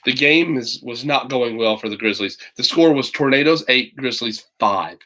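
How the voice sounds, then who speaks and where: A man reading a children's picture book aloud with lively voices, now and then stopping to add casual comments of his own. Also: medium pitch, moderate pace. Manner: animated reader, breaks in with chatty comments. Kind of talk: storybook read-aloud with asides.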